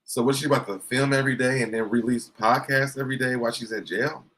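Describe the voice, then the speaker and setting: A man's voice: medium pitch, steady tone, fast, fairly bright tone, rough recording. A man hosting a livestream, giving sarcastic gossip commentary and greeting chat viewers. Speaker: livestream host. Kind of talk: casual commentary reacting to clips.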